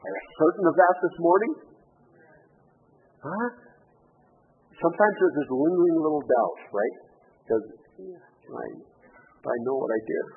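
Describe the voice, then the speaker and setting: A man preaching a sermon as pastor, moving from quiet reflection to loud, emphatic rhetorical questions. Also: fairly high pitch, expressive, measured pace, pauses often, breathy edge. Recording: tinny phone-like radio broadcast.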